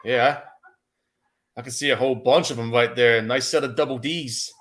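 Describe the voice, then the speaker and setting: A man co-hosting a casual movie commentary podcast, laid-back and profane, quick to laugh along. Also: medium pitch, steady tone, a bit bright. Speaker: podcast co-host.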